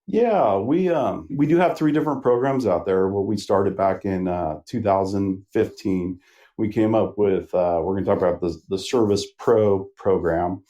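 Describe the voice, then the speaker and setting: Low, mellow-voiced man telling his story. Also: normal speed. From Northern California. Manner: relaxed, rambling storyteller with many fillers. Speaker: manufacturer sales rep, guest. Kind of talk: casual podcast interview.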